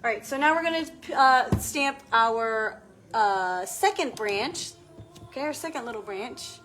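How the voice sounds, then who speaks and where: A woman's voice: fairly high pitch, lively intonation, unhurried, a bit bright, faint music behind. A woman in her thirties hosting a casual crafting tutorial, chatting to viewers as she works. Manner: chatty, talks to viewers and her child while working. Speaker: craft video host.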